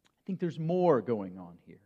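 A man preaching a sermon in a measured, emphatic way, with dramatic pauses. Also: mid-range voice, sing-song, mellow. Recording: long reverb, dull lo-fi sound.

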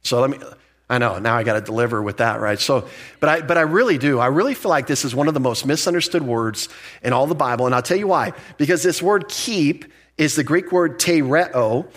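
A middle-aged man pastor teaching verse by verse through scripture, conversational and emphatic, with asides and quick self-corrections. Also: medium pitch.

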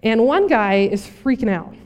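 A woman pastor preaching in a casual, joking way and speaking straight to her congregation. Her voice sits a little high. The sound rings out with a long reverb from a church sanctuary. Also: animated, unhurried. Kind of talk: sermon.

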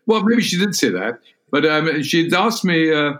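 Older Scottish man, measured and halting. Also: fairly high pitch, very animated, fairly bright tone. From Scotland. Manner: measured, halting, many "uh" fillers and restarts. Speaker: interviewee, former cabinet minister. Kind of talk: reflective recollection in a sit-down interview.

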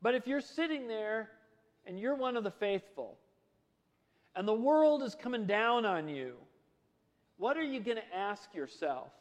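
A man's voice: sits high, sing-song, a little slow, pauses often, in a large hall. A man preaching a sermon in a conversational way, full of rhetorical questions. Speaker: pastor.

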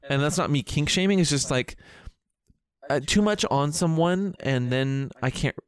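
A man's voice: a little high, smooth, no room sound, studio quality. A man co-hosting a podcast in casual chat, teasing and joking with his co-host. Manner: teasing, playful, quick with jokes.

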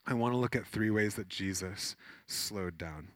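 A male pastor delivering a sermon with a bright, pointed tone. He reads scripture aloud, then talks in an easygoing, slightly snarky way and breaks into urgent acted-out scenes. The sound is close and dry, with almost no room echo. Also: fairly low pitch, moderate pace. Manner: conversational, a little snarky, acts out scenes with rising urgency.

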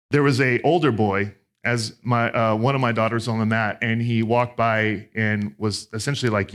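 Man preaching with rising and falling emphasis. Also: mid-range voice. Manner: preaching with dynamic swings between emphatic and hushed delivery. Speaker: pastor. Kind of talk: sermon.

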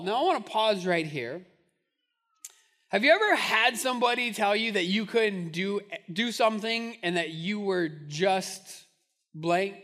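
A man's voice: high voice, expressive, measured pace, sharp tone. A man preaching a sermon, retelling a story with emphatic, direct address to listeners. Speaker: pastor.

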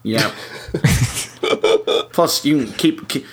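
A man's voice: mid-range voice, extremely slow, background noise. A man hosting a casual podcast chat, joking and rambling with many ums. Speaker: podcast host.

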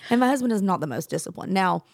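A woman in her forties co-hosting a podcast, telling stories in an emphatic, animated way. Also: medium pitch, very fast, vocal fry, dry recording, studio quality. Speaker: podcast co-host. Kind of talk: casual chat.

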